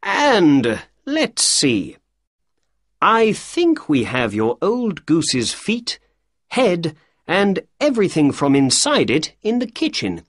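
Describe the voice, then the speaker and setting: A man voicing a clever male detective with a crisp, brisk and upbeat manner. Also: fairly high pitch, huge pitch swings, no room sound, clean studio sound, voice pushed up, exaggerated voice.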